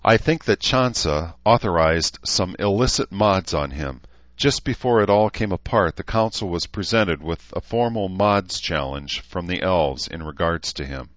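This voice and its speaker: A man's voice: sits low, expressive, unhurried, fairly bright tone, no room sound. Man putting on a tired, earnest woman. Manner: sighing, earnest. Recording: slightly dull recording.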